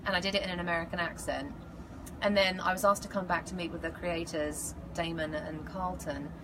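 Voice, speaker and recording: An English woman chatting as an actress guest, playful and self-mocking as she answers fan questions. Her voice sits on the low side for a woman. A steady noise runs underneath the recording. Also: brisk. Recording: noisy background.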